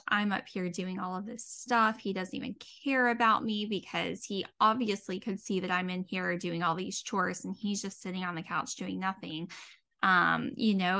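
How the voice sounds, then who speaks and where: A woman's voice: medium pitch, vocal fry, sharp tone. An earnest woman in her thirties hosts a solo podcast, speaking in a mid-range voice. She talks heartfelt and unscripted, full of fillers like "um" and "you know". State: tearing up, near crying. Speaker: podcast host, dietitian and mindset coach.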